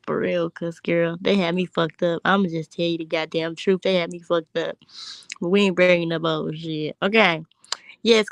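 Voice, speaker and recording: This young livestream host has a mid-range, somewhat bright voice with a clear, resonant tone, and the recording has no room sound. She reads chat comments aloud casually, cracking jokes, swearing, laughing, and addressing chat head-on.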